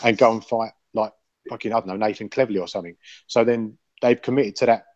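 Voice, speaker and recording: A man's voice: lowish voice, steady tone, fast talker, a little mellow, no room sound. A man hosting a casual podcast panel chat, rambling and opinionated and swearing freely. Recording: dull lo-fi sound.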